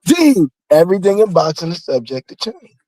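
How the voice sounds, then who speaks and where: Male caller, notably high voice, fast laughing banter. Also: sing-song, heavy background noise. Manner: laughing, quick, playful deflecting. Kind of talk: casual call-in banter.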